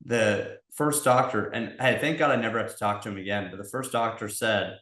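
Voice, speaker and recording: A man's voice: lowish voice, steady tone, a little fast, fairly bright tone. A man, a guest on a podcast, sharing a personal story in an earnest, reflective way. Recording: roomy echo.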